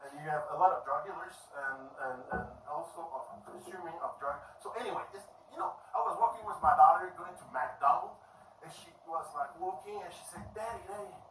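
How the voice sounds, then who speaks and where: Middle-aged Swiss French man, stand-up comic, animated, bright voice, roomy distant sound in a club. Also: fairly high pitch, brisk, slight background noise. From Switzerland. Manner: animated, acts out characters with yells and cries. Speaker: stand-up comedian. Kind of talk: stand-up comedy set. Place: comedy club stage.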